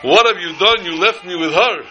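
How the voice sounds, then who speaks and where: A man's voice: high voice, normal speed, dull audio, very noisy, pitched above the performer's own voice, close to an everyday voice. A man voicing a panicky young man who wails in melodramatic pleas over his dead brother. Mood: wailing. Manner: melodramatic, pleading.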